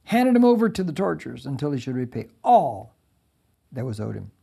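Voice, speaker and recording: A male pastor giving a conversational verse-by-verse sermon, reading scripture and breaking in with lively asides. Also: mid-range voice, a little fast, gravelly, husky. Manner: conversational, animated preaching with asides.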